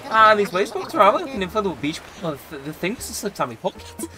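Man doing pirate seagull, male, bumbling, over-the-top pirate accent, high-pitched, lively swoops. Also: quick pace, over music, poor audio. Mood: hammy pirate. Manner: overdone pirate accent, read aloud.

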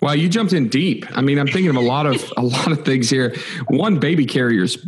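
A man's voice: medium pitch, brisk, slight background noise. A man hosting a podcast interview, joking and rambling in a loose, casual way. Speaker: podcast host.

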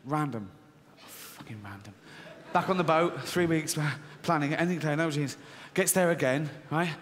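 A man's voice: a little high, fairly even intonation, a little fast, slight background noise. A man performing stand-up comedy, sardonic and mocking, acting out little scenes. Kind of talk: stand-up routine. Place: large venue with audience. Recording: live hall recording with reverb.

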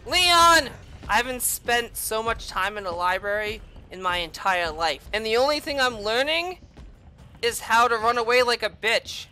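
A woman doing let's-play commentary on a horror game, excitable and profane, swinging between groans and shrieks. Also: on the high side. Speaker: game streamer.

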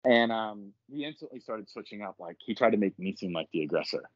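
A man on a podcast, telling a story casually and profanely, with lively acted quotes. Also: on the low side, a little fast, no room sound, lo-fi sound. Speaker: podcast guest.

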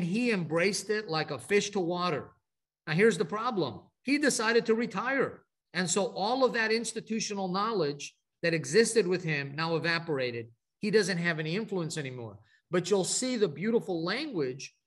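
A man's voice: sits high, expressive, moderate pace, a bit bright. A middle-aged man from Texas giving a conversational, story-driven talk to a group, full of asides and restarts. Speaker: speaker at an advocacy training event. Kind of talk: informal presentation to a group.

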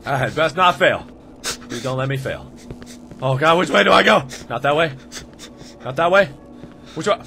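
A man giving horror gaming commentary, talking to the game and yelping and shouting whenever something jumps at him. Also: medium pitch, lively intonation, normal speed, vocal fry, long pauses, soft background music. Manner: jumpy, shouts and yelps at scares, talks to the game. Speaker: let's play gamer.

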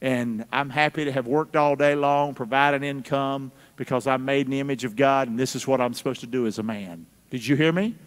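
A man's voice: medium pitch, steady tone, fairly quick, few pauses. A male pastor preaching a sermon with call-and-response, folksy and teasing with his congregation. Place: church sanctuary. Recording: church hall reverb.

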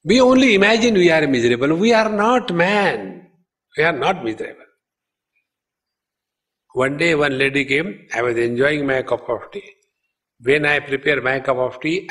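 A man's voice: mid-range voice, a bit bright. A man with an Indian English accent giving a humorous spiritual discourse, chanting verses and telling stories. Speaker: spiritual teacher.

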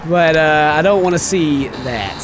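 A man giving comedic gameplay commentary, joking around and shouting at game characters. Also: fairly high pitch, lively intonation, a little slow. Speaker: gaming channel host. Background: game music.

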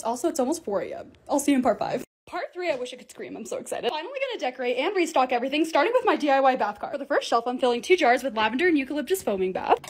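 A bubbly young woman talks through her own vlog at a quick clip with a high, lively voice. She sounds upbeat and pokes fun at herself. A faint noise sits under the recording. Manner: bubbly, self-mocking, upbeat. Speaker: lifestyle creator. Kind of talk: voice-over vlog narration.

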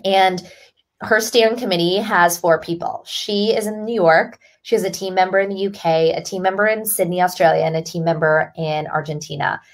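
A woman's voice: on the low side, steady tone, normal speed. Upbeat articulate woman author. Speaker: author and guest. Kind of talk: podcast interview.

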